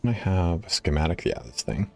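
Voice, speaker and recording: A man chatting casually while live-streaming a game, excitable and swearing, his voice jumping up high when he gets worked up. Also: normal speed, vocal fry, faint music behind.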